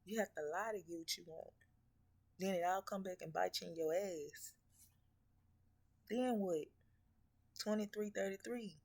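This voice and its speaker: Unhurried and gravelly, this woman's mid-range voice is a little mellow and pauses often. She is a spiritual reader giving viewers a blunt preaching message, full of profanity, scolding, and rhetorical questions.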